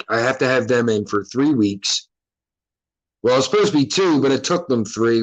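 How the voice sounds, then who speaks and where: A man hosts his own show and tells a long personal story in a casual, rambling way. He curses freely and breaks off his sentences to start again. His voice sits at an ordinary middle pitch for a man. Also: rough recording. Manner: loose, rambling, profane and self-interrupting. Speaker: podcast host.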